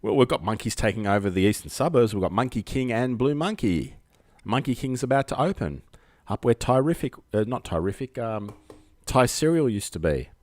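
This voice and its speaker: An Australian man hosts a casual live-streamed call-in show outdoors at night under spotlights, rambling and cracking jokes at his own expense. His voice is medium-pitched and darkish, with lively intonation and a normal speed, captured in a dry recording.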